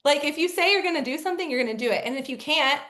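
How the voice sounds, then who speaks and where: A woman speaker and coach, a guest in an interview, telling stories in a lively, casual way with frequent "like". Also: high voice, racing. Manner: lively storyteller, fills speech with "like". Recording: echoey room.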